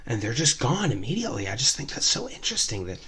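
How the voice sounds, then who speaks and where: A man's voice: medium pitch, very animated, fast talker, fairly bright tone, slightly rough, voice pushed up, heavily acted. A man on a storytelling podcast voicing a drunk, chatty woman who rambles dreamily about death. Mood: eerie musing.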